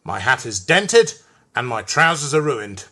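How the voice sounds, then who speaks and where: A storybook reader voicing a stern, pompous railway boss who scolds loudly and grumbles with hums. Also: medium pitch, expressive, slow pace, husky, full character voice. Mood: scolding. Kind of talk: storybook reading.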